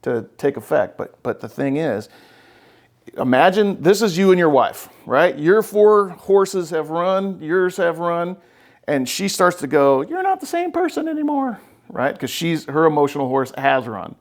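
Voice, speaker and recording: A man with a somewhat high voice speaks a little slowly while hosting a podcast as a therapist. The conversation is casual, and his style is blunt, emphatic and full of swearing, punctuated by frequent "right?" checks.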